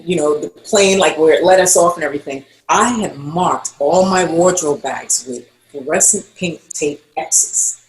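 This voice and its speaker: A woman guest on a podcast interview, telling a story and acting out the quoted dialogue. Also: lowish voice. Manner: animated, acts out quoted dialogue. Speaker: podcast guest, costume designer. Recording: roomy echo.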